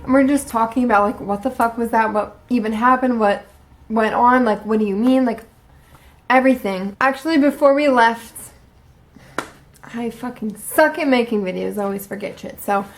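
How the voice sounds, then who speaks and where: Storytime vlogger: a young woman with a fairly high voice, loose, cursing and animated. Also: moderate pace. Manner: profane, animated, full of likes. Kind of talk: casual storytime vlog.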